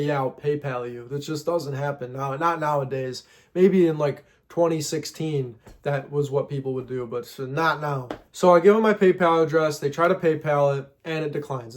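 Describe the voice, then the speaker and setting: A young man telling a casual storytime about reselling, heavy on slang and quick to mock himself. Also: a little high. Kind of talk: storytime vlog.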